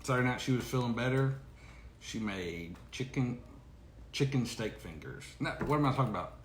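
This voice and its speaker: A man's voice: mid-range voice, expressive, moderate pace, a little hiss or hum. A man in his forties co-hosting a live morning show, teasing his co-host and reading out viewer comments. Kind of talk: casual live chat. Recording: echoey room with faint ambience.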